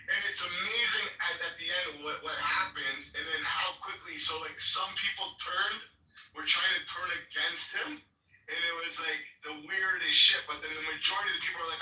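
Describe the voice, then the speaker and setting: Animated, profane man telling stories. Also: sits high, far from the mic. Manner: animated, profane, rambling storyteller. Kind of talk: casual storytelling chat. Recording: echoey room, voice off-mic.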